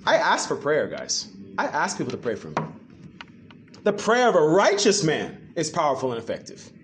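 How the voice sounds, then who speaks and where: A man preaching a sermon to a church congregation, animated and full of rhetorical questions. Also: on the high side, normal speed, a little hiss or hum. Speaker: pastor.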